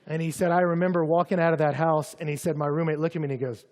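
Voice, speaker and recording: A man preaching a sermon to students, dropping to soft, close asides and then rising to loud, shouted emphasis. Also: on the high side, flat delivery, racing, big-room sound. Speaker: campus ministry pastor.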